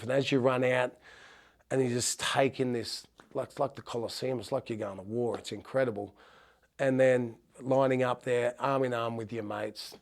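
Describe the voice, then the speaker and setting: Gravelly and mid-range, the voice belongs to a middle-aged Australian who used to play rugby league. He tells heartfelt stories on a podcast interview and keeps restarting his thoughts.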